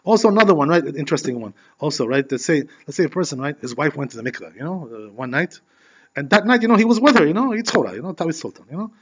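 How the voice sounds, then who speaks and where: A rabbi teaches a Torah class at a rapid clip, his voice sitting a bit high for a man. He talks in a loose, animated way and keeps dropping in "you know". The recording sounds dull and lo-fi. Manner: peppers speech with "you know"; conversational, animated storytelling.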